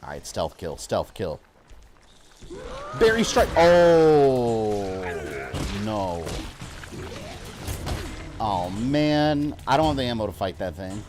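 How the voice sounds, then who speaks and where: A man plays a video game live and talks to his viewers the whole time, in a relaxed, rambling way full of fillers. He laughs easily and drifts between topics. His voice sits fairly low. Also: measured pace, pauses often, background noise. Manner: rambling, chatty, laughs often, lots of fillers. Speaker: gaming streamer. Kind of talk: casual live-stream commentary.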